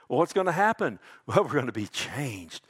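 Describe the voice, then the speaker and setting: A man preaching a sermon, calling his listeners "loved one", dropping to hushed tones and rising to loud emphatic peaks, with frequent restarts. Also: big pitch swings, moderate pace, breathy edge. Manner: swings between hushed lows and loud emphatic highs; addresses listeners as "loved one", asks "amen?". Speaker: pastor.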